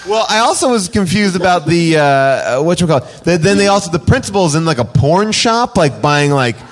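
A man chatting casually about a movie, jokey and animated, acting out little bits as he talks. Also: high voice, brisk, long reverb tail. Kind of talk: casual movie review chat.

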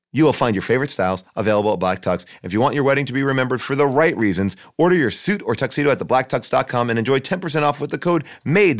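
A man doing a joking, hard-sell ad read for a podcast. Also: medium pitch. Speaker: podcast host reading an ad. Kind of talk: ad read with comic asides.

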